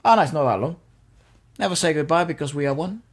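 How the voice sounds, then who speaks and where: A man's voice: fairly high pitch, lively intonation, fast talker. A man co-hosting a casual music reaction chat, reading song lyrics aloud and cracking jokes, swearing now and then. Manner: swears casually, jokey, uses British slang. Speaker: co-host reacting to music videos.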